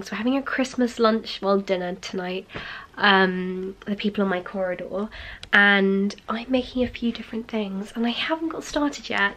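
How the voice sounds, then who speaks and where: A woman's voice: medium pitch, background noise. Young woman vlogger with a slight lisp. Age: young adult. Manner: slight lisp from a mouth guard. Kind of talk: casual vlog chat.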